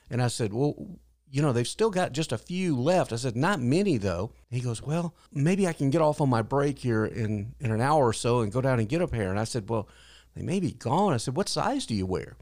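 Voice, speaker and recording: A man's voice: mid-range voice, expressive, brisk, a little mellow, no echo, studio quality. An older man hosting a podcast, telling a personal story in an earnest way and lifting his voice when he quotes people. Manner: earnest, acts out quotes in a raised voice. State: widowed, grieving but hopeful. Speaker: podcast host.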